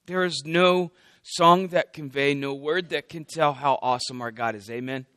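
A man's voice: on the high side, moderate pace, bright, forceful tone, clear, resonant tone, no room sound. A man preaching a sermon as a candidate pastor, joking and conversational, often checking in with the congregation.

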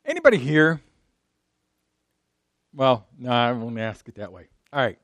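A male pastor preaching a sermon, lively and jokey, asking the audience questions. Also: medium pitch, measured pace, no echo.

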